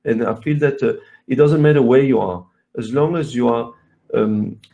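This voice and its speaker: Belgian guy on a webinar, mellow low tone, earnest, lots of ums and repeats. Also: normal speed, gravelly, lo-fi sound. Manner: earnest, repetitive, many fillers. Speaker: guest expert. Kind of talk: webinar talk.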